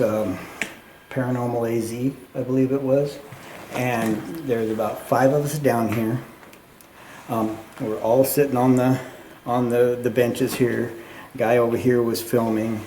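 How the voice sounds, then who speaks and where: A man working as a tour guide, telling a ghost story in a lively way and acting out what people said, in an underground mine tunnel. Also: medium pitch. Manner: animated retelling with acted quotes. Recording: echoey tunnel, faint noise.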